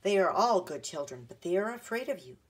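A woman voicing a calm, kindly male doctor in a read-aloud storybook, speaking quietly and steadily. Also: lowish voice, a little fast, a little hiss or hum.

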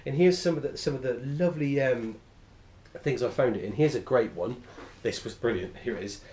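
A man's voice: mid-range voice, fairly quick, a little mellow. A man delivers a lecture in an echoey room. His voice sits in a middle register, and he rambles eagerly, stopping to correct and restate himself as he goes. He sounds like a teacher in front of a class. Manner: enthusiastic, rambling, self-correcting.

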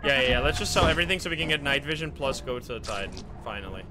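A man streaming a co-op game with friends, chatting casually, swearing and exclaiming when things go wrong, then dropping to low mutters. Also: animated, fast, over music. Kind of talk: casual live game chat. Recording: noisy live stream audio.

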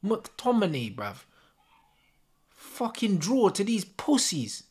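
A man's voice: high voice, wildly swooping pitch, slow pace, darkish tone, breathy edge. Furious swearing man. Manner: furious, swearing constantly, slangy. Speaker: football fan channel host. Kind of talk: live match reaction rant.

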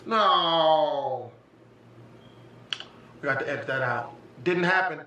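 Profane young man, high and bright. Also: slow, dull audio, a little hiss or hum. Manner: profane, excitable, often laughing. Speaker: vlogger. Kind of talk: casual reaction commentary. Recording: echoey room, far from the mic, faint music.

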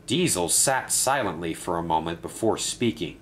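A man narrating a children's railway story in a steady, descriptive way. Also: sits low, moderate pace, a little hiss or hum.

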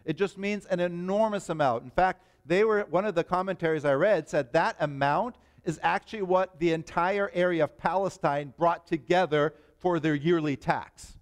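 A pastor preaching a sermon in a church, talking in an animated, emphatic way. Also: male voice, high voice, moderate pace, hardly any pauses. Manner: animated, emphatic, rising to stress points.

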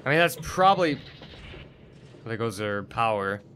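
A man's voice: mid-range voice, big pitch swings, measured pace, a bit bright, slight background noise. A young man giving gameplay commentary, frustrated and swearing as he mutters to himself. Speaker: gaming video host.

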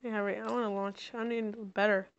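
A woman's voice: medium pitch, little pitch movement, a little fast. A woman streaming a mobile game live, chatting loosely with her viewers between plays into a close mic. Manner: rambling, talks to chat between plays. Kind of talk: casual live-stream chat while playing. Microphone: close mic on a phone stream. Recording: dull lo-fi stream audio, faint hiss.

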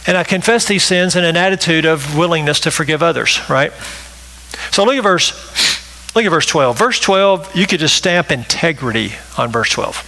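A man's voice: on the high side, animated, normal speed, sharp tone, rough recording. A male pastor delivering a sermon, emphatic and repetitive, often checking in with the congregation with a rhetorical "right?".

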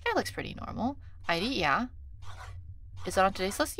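A young woman streaming a game, reading its text aloud and thinking out loud, often scattered and flustered, with lots of ums. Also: medium pitch, brisk, slight background noise. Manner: scattered and chatty, many ums, gets flustered; reads on-screen instructions in a mumbly undertone.

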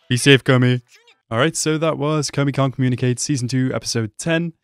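A young man reacts to an episode in loose, chatty commentary, often talking back at the screen. His voice sits at a middle pitch, recorded close and dry with faint music playing underneath. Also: normal speed, dry recording. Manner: excitable, laughing, talks back at the screen. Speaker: anime reaction YouTuber.

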